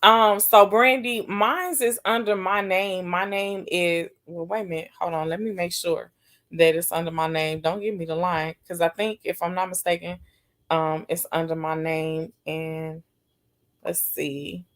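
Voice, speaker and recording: Lady on a livestream just chatting, reading comments out loud, calls everybody baby. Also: lowish voice, steady tone, moderate pace. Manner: chatty, reads viewer comments aloud and answers them; affectionate, calls viewers baby and sis. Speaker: livestream host. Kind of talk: casual livestream chat.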